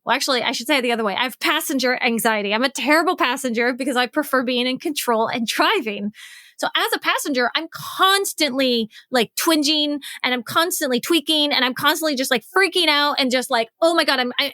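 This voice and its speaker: Lady coach with a high voice on her podcast, swears casually, plays both partners, dry no-room sound. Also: no echo. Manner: animated, acts out both partners' lines. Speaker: relationship coach. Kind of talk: solo podcast explainer.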